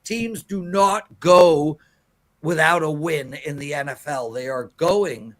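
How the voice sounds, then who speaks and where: A man's voice: on the high side, slow pace. A man giving emphatic, preachy sports betting picks on a live show.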